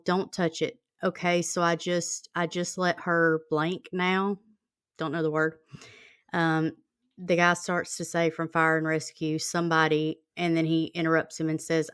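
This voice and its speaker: A woman's voice: fairly low pitch, a bit bright, smooth, dry recording, clean studio sound. A woman hosting a true-crime podcast, reading out a call transcript in a plain conversational way with many fillers. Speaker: podcast host.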